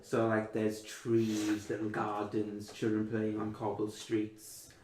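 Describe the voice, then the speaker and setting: A man's voice: fairly low pitch, monotone, slow pace, background noise. A young man narrating a tabletop game as dungeon master, describing scenes in a rambling, filler-heavy way. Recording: roomy echo.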